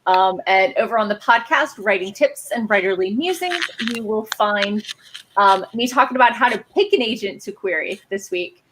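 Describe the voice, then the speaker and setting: A woman's voice: medium pitch, moderate pace, background noise. A woman hosting a casual writers' livestream, chatty and joking. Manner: chatty, joking, animated quoting. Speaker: livestream host. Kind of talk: casual chat.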